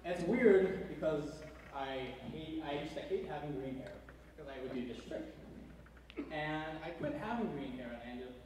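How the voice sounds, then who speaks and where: Goofy high-voiced man yelling on stage. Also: animated, normal speed, a little hiss or hum. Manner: goofy, hyper, bursts of yelling. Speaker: stage magician. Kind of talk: live comedy magic act. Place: large convention hall stage. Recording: echoey hall from far off. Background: loud laughing, cheering crowd.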